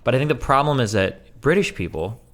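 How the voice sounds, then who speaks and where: A man's voice: medium pitch, animated, fairly quick, a bit bright. A man streaming, casually debating and teasing his guest with sarcastic, provocative banter.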